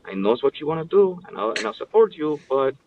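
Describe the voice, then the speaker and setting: A woman's voice: big pitch swings, brisk, vocal fry, slight background noise, exaggerated voice. A man voicing his strict, doting older grandmother, heard over a distant, phone-like line. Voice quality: high, put-on accented voice. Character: strict old grandmother, doting but stern.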